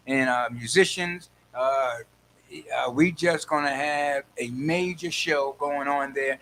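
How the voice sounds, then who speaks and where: An older man hosting a radio talk show, animated and playful, acting out little scenes as he talks. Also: fairly high pitch, slight background noise. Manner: lively, playful, acts out voices, frequent laughs.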